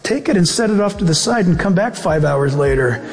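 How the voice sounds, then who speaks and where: A man preaching a sermon in a church sanctuary, his voice pitched high and carried by the long reverb of the hall. He moves between animated, quick bursts and slow, solemn prayer, with faint music beneath. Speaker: pastor.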